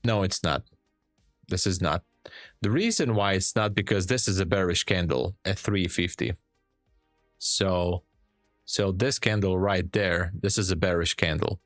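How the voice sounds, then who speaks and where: A man from Hungary with a Hungarian accent, chatting with viewers and calmly explaining charts as a day trading streamer. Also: low-pitched, a little slow, no room sound, studio quality, faint music behind. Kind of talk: live-stream chat and trade commentary.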